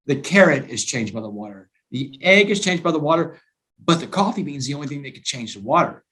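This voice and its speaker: Man, emphatic guest storyteller, fairly high voice, animated delivery. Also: fast talker. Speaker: guest author and speaker. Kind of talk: storytelling in a talk-show interview.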